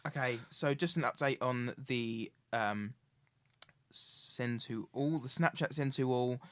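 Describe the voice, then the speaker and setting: A man hosting a casual radio show. He chats loosely, laughs often, and fills his pauses with ums. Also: medium pitch, clean tone, no echo. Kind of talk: casual chat on student radio.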